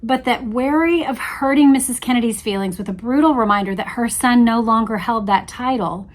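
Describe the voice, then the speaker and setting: Fairly high-voiced woman discussing history. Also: brisk. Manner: reads quotes aloud with shifting voices, adds musing asides. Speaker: host reading from a history book. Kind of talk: book-based history discussion.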